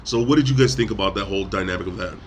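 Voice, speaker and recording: Rapid-fire and pitched low, this man's voice comes with a little hiss or hum. As a podcast host, he wanders through a casual film recap, stopping to perform lines from the movie.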